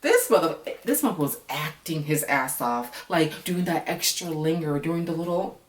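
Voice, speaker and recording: A woman with a low voice gives a blunt, profanity-filled rant as she reviews a reality show for her vlog. She sits some distance from the mic, and her voice echoes around the room. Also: normal speed, hardly any pauses. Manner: blunt, profane, animated ranting.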